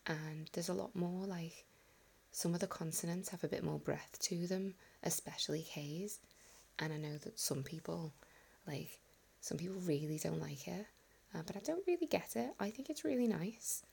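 A woman from the north of England with a soft Liverpool accent, chatting in a half-whispered ASMR ramble with a self-deprecating manner. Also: on the low side, moderate pace, vocal fry, husky. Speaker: ASMR audio creator.

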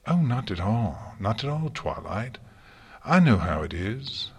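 A man voicing a gracious, fond royal princess with a gently teasing manner in a storybook reading. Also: on the low side, sing-song, measured pace, slightly rough, full character voice.

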